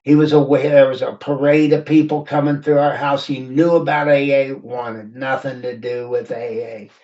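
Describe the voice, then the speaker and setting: A man shares a personal story as a podcast guest, candid and quietly reflective. His voice sits a little high. It sounds distant and dull, as if it comes over a remote call. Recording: distant, muffled remote audio.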